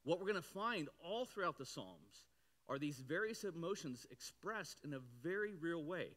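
A man pastor preaching a conversational sermon in a church, breaking into sudden loud outbursts to make a point. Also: a little high, very animated, normal speed.

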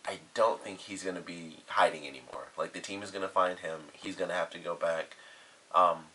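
A man's voice: low-pitched, steady tone, a little fast, pushed and bright, a little hiss or hum. A young man giving a casual, rambling spoken review of a TV episode, full of fillers and restarts. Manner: rambling, filler-heavy, lots of 'like' and restarts.

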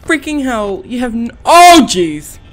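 Horror let's-play: young woman, high voice, unhurried delivery, panicky gasps and muttered swearing. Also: sing-song, soft background music. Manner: panicky, gasping, swearing under her breath. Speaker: gaming channel host.

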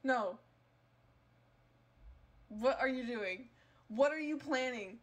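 A woman's voice: high-pitched, slow pace, long pauses. A woman streamer chatting casually with her live chat during gameplay, teasing them and breaking into melodramatic squeals.

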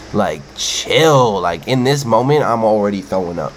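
A man's voice: mid-range voice, expressive, unhurried, few pauses, a little hiss or hum. Chatty guy reacting to a clip. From Brooklyn, New York. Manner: chatty, repeats himself, playful. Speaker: reaction channel host. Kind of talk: casual video reaction commentary.

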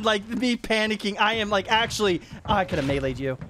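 A young man narrates a hide and seek match as he plays, his voice sitting high and leaping into excited yelps. He talks straight to the other players and his viewers. A faint hiss sits under the recording. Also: fast, few pauses. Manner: animated, swings up into excited yelps. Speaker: gaming YouTuber hosting hide and seek. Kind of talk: excited gameplay commentary.

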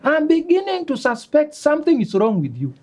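A woman with a Kenyan accent playing a calm, pointedly critical female college student. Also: high-pitched, brisk. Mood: reproachful. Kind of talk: web series acting.

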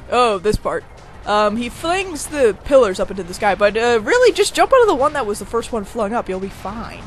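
A let's play commentator giving casual, rambling gameplay talk, excitable and quick to whine or shriek at setbacks. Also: medium pitch, soft background music.

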